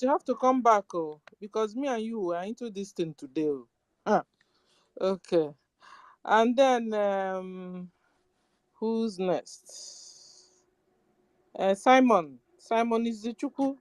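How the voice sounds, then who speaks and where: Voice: medium pitch, no room sound. Host calling on speakers, dry sound. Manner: calls on speakers, urges them to speak up. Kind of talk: moderating a live audio room.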